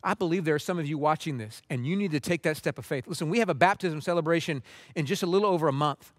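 Impassioned high-voiced preacher. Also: male voice, fast talker, dry recording, studio quality. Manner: impassioned, shifting from urgent to hushed. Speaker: pastor. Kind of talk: sermon.

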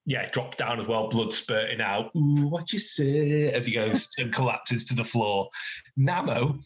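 A man's voice: mid-range voice, normal speed, fairly bright tone. A man narrating as game master of a tabletop game, playful and often laughing.

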